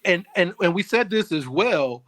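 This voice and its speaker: A man's voice: high-pitched, lively intonation, moderate pace, fairly bright tone. A middle-aged man co-hosting a casual sports chat, earnest, often restarting his sentences. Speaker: sports show co-host.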